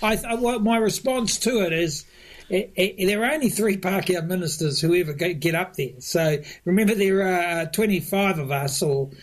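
A New man with a notably high voice, answering as a government minister in a radio interview. He stumbles through restarts and fillers, often breaking into chuckles. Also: moderate pace.

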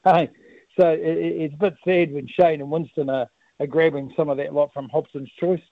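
A New Zealand man talks down a tinny, dry phone line as a radio interview guest. His voice sits on the high side for a man, and he rambles, laughs often and fills his pauses with ums and uhs. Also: fairly even intonation, gravelly, no room sound. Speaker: politician guest, campaign director.

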